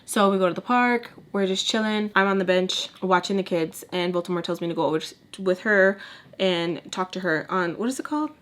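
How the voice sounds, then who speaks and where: A young woman vlogger telling a long personal story, chatty and animated, acting out the other people's lines and saying "like" a lot. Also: mid-range voice, fairly quick. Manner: lots of filler "like". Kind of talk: casual storytime while doing makeup.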